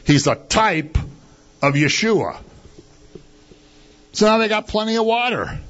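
Animated preacher man, lively pitch. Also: slow. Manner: animated, acts out quoted complaints, rhetorical questions. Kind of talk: conversational sermon. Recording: dull lo-fi recording.

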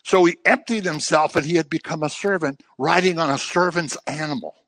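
A man's voice: on the high side, brisk, a bit bright, dry recording. A man teaching through a Bible passage verse by verse, conversational and explanatory with humorous asides.

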